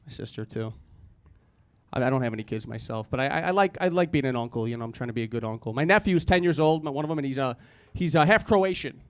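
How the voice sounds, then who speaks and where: A man's voice: mid-range voice, expressive, quick pace, clear, resonant tone. A man in his thirties doing a rambling stand-up comedy set, self-deprecating and acting out the people he quotes. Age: 30s. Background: audience laughter.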